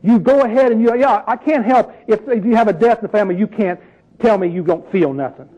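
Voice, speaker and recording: Preacher guy, high voice but dark and mellow, talks straight to folks with questions. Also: quick pace, low-quality recording. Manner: conversational, rhetorical questions, emphatic. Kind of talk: sermon.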